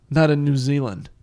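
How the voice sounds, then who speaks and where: A man co-hosting a podcast, telling sarcastic stories with quick comebacks in casual banter. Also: on the high side, darkish tone. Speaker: podcast co-host.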